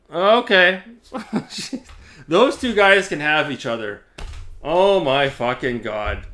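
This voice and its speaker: Male vlogger, casual and sweary rant, bright forward tone. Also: fairly high pitch, lively intonation, measured pace. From Canada. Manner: profane, sarcastic, ranting with frequent laughs. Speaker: YouTuber.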